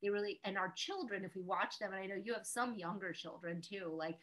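A middle-aged woman hosting a podcast, talking in a quick, reflective, conversational way. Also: mid-range voice, fairly bright tone, poor audio. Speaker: podcast host and weight-loss coach.

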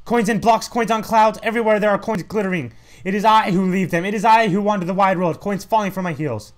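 A man's voice: sits high, fast, voice pushed up, lightly acted. A man voicing a pompous male martial arts gatekeeper who makes grandiose declarations.

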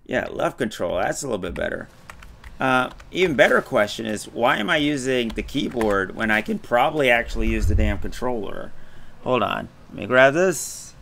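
A man's voice: medium pitch, expressive, normal speed, vocal fry, slight background noise. A man giving casual commentary while playing a game, swearing often and yelping when startled. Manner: swears a lot, yelps and shouts when startled. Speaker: game streamer.

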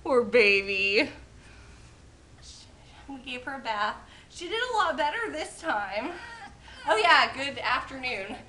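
A young woman with a high, lively voice chats casually to the camera and coos baby talk to her dog. Her pitch swings up and down as she talks, and clear background noise runs under the handheld recording. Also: takes it slowly, pauses often. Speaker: vlogger. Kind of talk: casual family vlog. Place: home, then in a car. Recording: noisy handheld camera audio.

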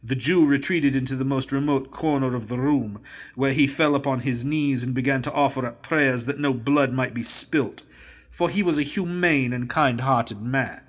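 Brief: male audiobook narrator, mid-pitched, measured, slightly muffled recording. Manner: measured storytelling. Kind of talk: audiobook reading of a classic novel.

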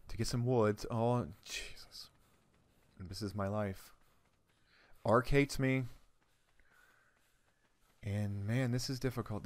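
A man giving let's-play commentary on his own gameplay, joking and talking to himself, his volume swinging between loud outbursts and quiet mutters. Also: on the low side. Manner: playful, jokey, talks to himself while playing, volume swinging from loud to muttered. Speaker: gaming channel host.

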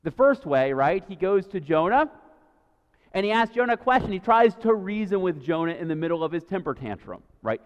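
Pastor delivering a sermon, high voice, chatty, keeps asking "right?", in a dull, echoing church recording. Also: male voice, sing-song, fairly quick, smooth. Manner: conversational preaching, often asks "right?". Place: church sanctuary. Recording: dull sound with long church reverb.

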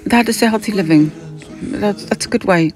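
A woman's voice: medium pitch, fairly quick, music in the background. A woman from Hamburg with a German accent telling a rambling personal story, drifting off on tangents and acting out what other people said. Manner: digressive, acts out other people's lines.

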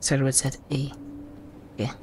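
A woman hosting a gaming channel, reading game text aloud and commenting in a soft, low-key way with sudden startled yelps. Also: monotone, normal speed, a little hiss or hum.

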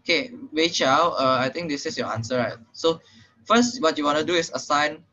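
Singaporean man tutoring, bright lo-fi voice. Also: fairly high pitch, lively intonation, normal speed. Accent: Singaporean English. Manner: casual, filler-heavy explaining, checks understanding with "right?". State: slightly out of breath. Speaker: programming tutor. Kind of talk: online tutorial lesson. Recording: muffled lo-fi online call audio.

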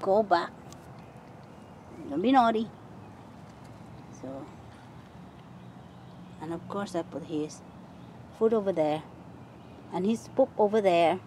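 A woman chatting casually while she walks through her backyard garden, sometimes calling to her pet rabbit in a high sing-song voice. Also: slow, long pauses, dark tone. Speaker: vlogger giving a garden tour. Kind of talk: casual chat while walking. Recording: outdoor phone video with faint nature noise.

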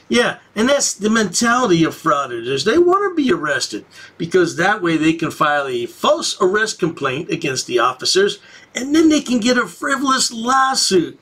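A man's voice: a little high, sing-song, measured pace, bright, forceful tone. A man hosting a commentary channel, mocking the people in the clip in a sarcastic, sing-song way. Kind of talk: sarcastic commentary over video.

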